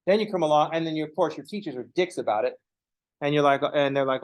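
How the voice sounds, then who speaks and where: A man giving a math lecture in an offhand, irreverent manner, dropping swear words and slipping into short acted exchanges. His voice sits a bit high for a man. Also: fast, low-quality recording. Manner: casual, profane, acts out dialogues. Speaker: math instructor. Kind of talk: informal lecture.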